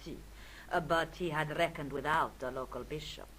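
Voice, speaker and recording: An actress playing an aristocratic older countess, speaking formally in a studio-recorded adventure game. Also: female voice, low-pitched, moderate pace, a bit bright, a little hiss or hum, poor audio. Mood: somber. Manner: formal, stately. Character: aristocratic older Spanish countess, proud but weary. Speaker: game character.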